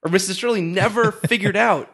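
A man's voice: sits high, fairly quick, a bit bright. Laughing young man telling a story. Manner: laughs often, acts out voices in his story. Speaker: podcast host. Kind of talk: casual storytelling chat.

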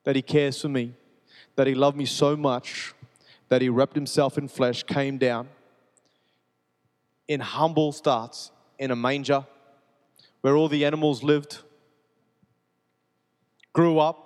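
A man preaching a sermon, earnest and repetitive, moving between soft and urgent passages. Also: mid-range voice, fairly even intonation, a little slow, long pauses. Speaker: pastor. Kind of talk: sermon with personal testimony. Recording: long reverb of a large hall.

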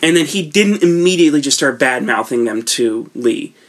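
A man's voice: medium pitch, animated, normal speed. A man co-hosting a casual movie discussion, rambling and loose with many fillers and restarts, recorded on an iPad. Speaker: podcast co-host.

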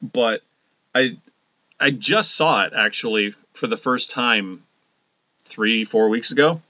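A male podcast co-host chatting casually with quick, joking banter. His voice has a bright, forceful edge. The recording is dry and a little dull. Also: medium pitch, dry recording. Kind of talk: casual chat.

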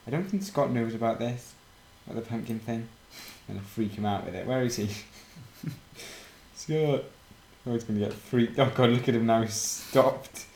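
A man's voice: medium pitch, fairly quick, a little mellow. A man chatting while playing a game, teasing and mock-scolding his friend. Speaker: gamer. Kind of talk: casual gaming chat. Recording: roomy home mic with faint noise.

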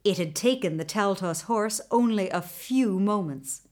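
A woman narrating a fairy tale in an expressive storybook reading style. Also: mid-range voice. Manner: expressive, unhurried.

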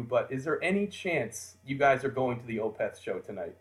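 A man's voice: mid-range voice, quick pace, hardly any pauses. An American man recounts a travel story for friends on a podcast. His voice sits in a middle register and rises sharply when he acts out what people said, with laughter slipping in as he goes. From United States. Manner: animated, laughs while telling, acts out voices in quotes. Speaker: podcast host telling a story. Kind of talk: casual storytelling chat.

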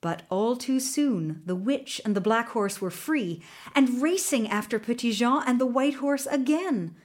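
A woman narrating a children's storybook in an expressive, animated way. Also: a little high, unhurried. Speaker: audiobook narrator.

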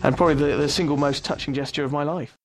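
Quick rambling man. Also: a little high, fairly even intonation, soft background music. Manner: rambling, mock-grumpy riffing. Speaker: radio show host. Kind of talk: comic banter on a radio show.

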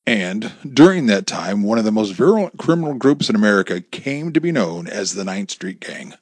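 A man reading a story, voicing an older federal agent who speaks formally and with measured authority. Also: fairly low pitch, sing-song, breathy edge, no echo.

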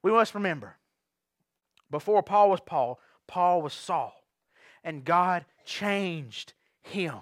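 A man preaching a sermon to his church, telling stories with big swings from quiet asides to shouts. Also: high-pitched, lively intonation, slow pace, no echo, clean studio sound. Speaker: pastor.

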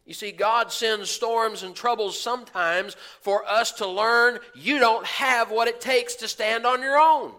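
Male pastor, folksy sermon delivery, higher bright voice, acts out quoted voices. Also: measured pace, few pauses. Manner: folksy, preaching with rhetorical questions and asides.

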